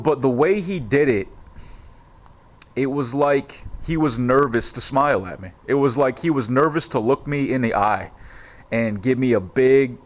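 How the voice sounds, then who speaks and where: A young man vlogging in a casual monologue, heartfelt and profane, halting with many restarts. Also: medium pitch.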